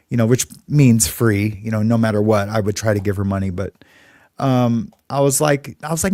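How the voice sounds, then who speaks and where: A man's voice: medium pitch, a little fast, dry recording, studio quality. A middle-aged man from California, hosting and telling a story in a casual, rambling way. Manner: rambling, conversational, many fillers. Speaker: host.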